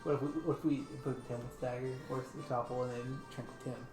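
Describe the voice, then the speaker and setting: A man playing a tabletop role-playing game, asking quick, playful questions. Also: mid-range voice, fairly even intonation. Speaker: player. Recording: roomy, music behind.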